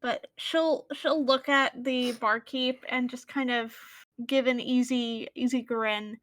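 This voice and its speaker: A woman player in a tabletop game talks slowly and hesitantly, with plenty of fillers. Her voice sits slightly high. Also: fairly even intonation, fairly bright tone. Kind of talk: tabletop game play, casual.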